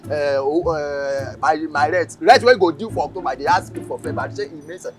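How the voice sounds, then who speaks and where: An actor playing a scheming Nigerian cab driver who talks fast in Nigerian Pidgin. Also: male voice, fairly high pitch, soft background music, natural voice.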